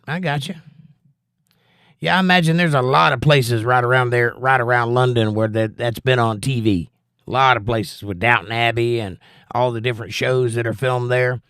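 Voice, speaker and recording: A man's voice: mid-range voice, steady tone, normal speed, fairly bright tone, smooth, no room sound. Opinionated Southern man reading chat, dry sound. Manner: opinionated, preachy asides. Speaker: livestream host reading chat. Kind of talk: casual livestream chat.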